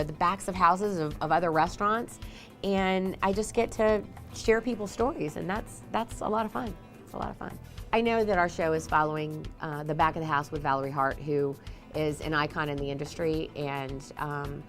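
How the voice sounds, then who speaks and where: A woman who hosts a TV show and runs restaurants, telling her story to camera in a chatty, animated way on a lapel mic. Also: on the low side. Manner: chatty and animated, acts out dialogue with a raised voice. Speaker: TV host and restaurant owner. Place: on a filming set with a camera crew.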